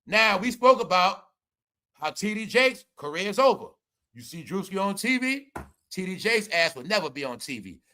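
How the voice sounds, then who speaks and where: Man, high voice, bright edgy tone, ranting commentary, drops to mutters then shouts. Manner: animated, ranting, swings from low mutters to shouting. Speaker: commentary channel host. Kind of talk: casual entertainment commentary.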